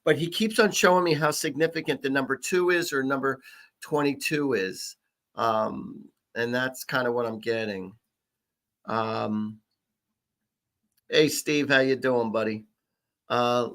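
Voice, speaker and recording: A male psychic host talks to his viewers in a loose, chatty way. He rambles, restarts sentences and leans on fillers as he goes. His pitch sits in an ordinary middle range for a man. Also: normal speed, a bit bright. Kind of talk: casual live-stream chat.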